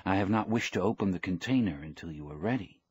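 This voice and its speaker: A man's voice: deep voice, quick pace, husky, no room sound, highs cut off. A man voicing a devoted young boy in a book reading, speaking eagerly and earnestly.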